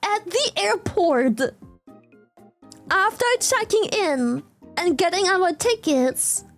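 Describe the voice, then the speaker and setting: A woman from Germany chatting casually on stream, telling stories in an excitable, animated way and swearing freely. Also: very high voice, takes it slowly, faint music behind. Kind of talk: casual chat.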